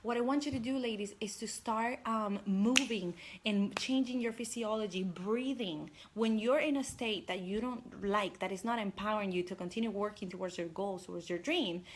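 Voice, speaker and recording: A young woman life coach giving an energetic, chatty motivational talk on a live stream, speaking straight to her viewers. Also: medium pitch, moderate pace, hardly any pauses, slight background noise.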